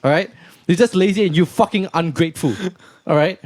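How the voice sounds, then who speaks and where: A man's voice: fairly high pitch, brisk, no room sound, voice pushed up, natural voice. A man putting on a brash macho persona, ranting bluntly and profanely at people who complain. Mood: scornful ranting. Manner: loud, scornful, profane ranting.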